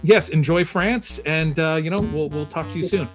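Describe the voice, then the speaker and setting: A man's voice: fairly high pitch, moderate pace, faint music behind. A man hosting a podcast interview, chatty and self-deprecating. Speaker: podcast host. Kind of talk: casual interview chat.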